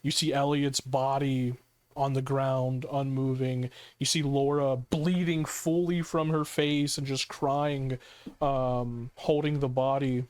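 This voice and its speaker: A man's voice: mid-range voice, little pitch movement, slow, smooth. A man running a tabletop horror game as game master, narrating vividly with many fillers.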